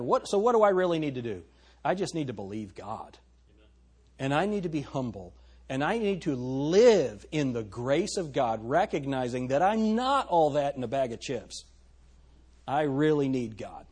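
A man preaching a sermon in an animated, conversational way, asking the congregation rhetorical questions. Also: mid-range voice, normal speed, breathy edge. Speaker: pastor.

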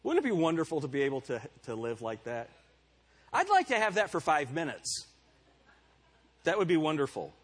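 Husky-voiced male pastor preaching casually. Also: a little high, huge pitch swings, moderate pace, long pauses. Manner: conversational, calls on congregation members by name; candid and self-deprecating. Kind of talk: sermon. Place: church service before a congregation.

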